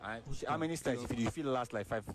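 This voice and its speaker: A man's voice: mid-range voice, fast talker. A man with a Nigerian accent interviewing passers-by, teasing and probing in Pidgin. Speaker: street interviewer.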